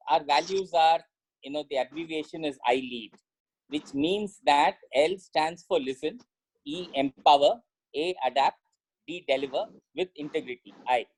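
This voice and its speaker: A man's voice: high voice, darkish tone, poor audio. A man explaining his company's approach as a panelist on a video call, with frequent fillers. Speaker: panelist, business leader. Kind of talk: panel discussion.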